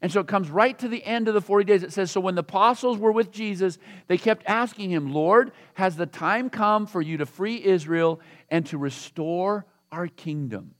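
A man's voice: high voice, fairly quick, hardly any pauses, a bit bright. A man preaching a sermon in a conversational storytelling way, acting out the voices of the people in the scripture he reads. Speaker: pastor.

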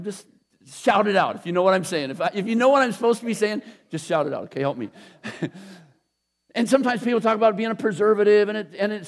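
A male pastor giving a sermon in a loose, conversational way, with many restarts and asides. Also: high-pitched. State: tired after a short night.

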